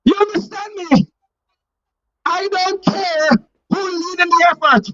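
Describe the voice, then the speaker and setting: A speaker rallies a street crowd in a very high, piercing voice and leads call-and-response chants. The delivery is slow and deliberate, with each line driven home. The recording is dull and muffled, as if captured on a basic device at the scene. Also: pushed and bright. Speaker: rally speaker. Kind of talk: political rally speech. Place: outdoor street rally.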